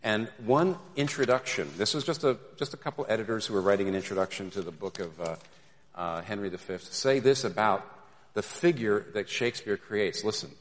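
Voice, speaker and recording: A man's voice: fairly low pitch, brisk, long reverb tail. A male pastor preaching a sermon in a conversational manner, building to emphatic peaks, then closing in prayer.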